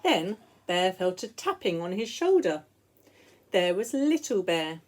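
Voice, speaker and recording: A woman teacher reading picture books aloud to young children in an expressive, sing-song way. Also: lowish voice, a little slow. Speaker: school teacher.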